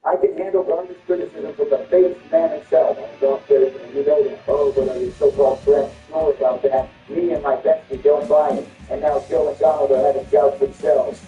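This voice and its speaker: A man giving confrontational gameplay commentary with trash talk and swearing, swinging between squeaky and low tones. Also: steady tone, a little fast, few pauses, mellow, far from the mic, highs cut off. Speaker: gaming video host. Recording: echoey room, away from the mic, music behind.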